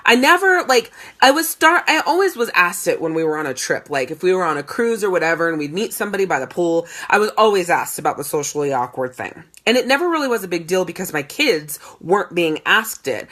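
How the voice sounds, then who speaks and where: A woman in her thirties, a coach talking in a casual monologue, blunt and emphatic, with lots of swearing and animated storytelling. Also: lowish voice. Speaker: life and sales coach.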